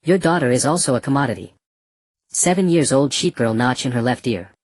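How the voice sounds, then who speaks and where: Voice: mid-range voice, lively intonation, a little fast, dry recording, studio quality. A narrator voicing a cruel, mocking male slave trader in a black robe, speaking casually and scornfully. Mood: cold mockery. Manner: casual, scornful, matter-of-fact.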